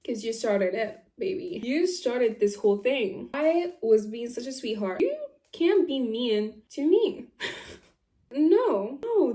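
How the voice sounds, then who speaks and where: A woman's voice: fairly high pitch, dark tone. A woman vlogger telling a story in casual chat, emphatic, saying "like" a lot and laughing as she goes. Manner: chatty and emphatic, often says "like", laughs while telling. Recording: echoey room.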